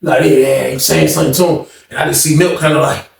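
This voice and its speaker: A man's voice: a little high, quick pace, creaky. A man telling a story in a casual, slangy way, acting out the dialogue as he goes. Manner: animated, slangy, acts out dialogue. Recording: echoey room.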